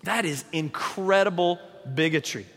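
High bright-voiced preacher in a reverberant hall. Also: male voice, unhurried. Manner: conversational preaching, paraphrasing scripture in everyday speech. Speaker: pastor. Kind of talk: sermon.

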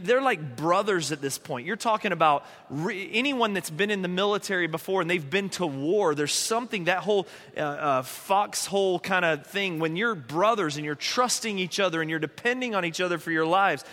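A man's voice: high-pitched, animated, moderate pace, few pauses, fairly bright tone. A man preaching a sermon in an earnest, conversational way, pleading at times. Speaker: pastor. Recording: long hall reverb.

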